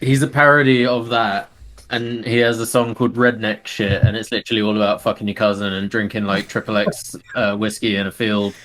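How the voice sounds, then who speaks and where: A man's voice: fairly low pitch, flat delivery, fairly quick, few pauses, fairly bright tone. A man with a Southern English accent co-hosting a podcast, making wry asides and laughing along. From England. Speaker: podcast co-host. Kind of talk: casual chat.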